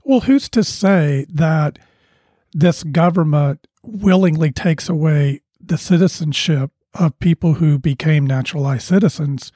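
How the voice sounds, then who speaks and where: Male interviewer, fairly high husky voice, mellow tone, measured questions, dry sound. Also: no room sound. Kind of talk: interview conversation.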